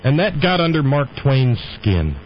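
A man's voice: medium pitch, very animated, unhurried, highs cut off, slight background noise. A man hosting a radio show, talking in a rambling, opinionated monologue. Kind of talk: casual on-air monologue.

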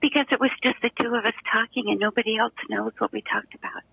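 Gracious caller, gravelly and husky, bright edge. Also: medium pitch, fast, dry recording, muffled recording. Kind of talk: casual chat.

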